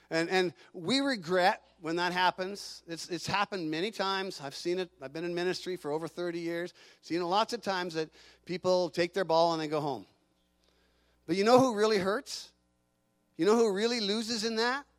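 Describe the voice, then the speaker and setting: A middle-aged man preaching a sermon in an animated way, sometimes acting out the voices of the people he quotes. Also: high voice, no echo. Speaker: pastor.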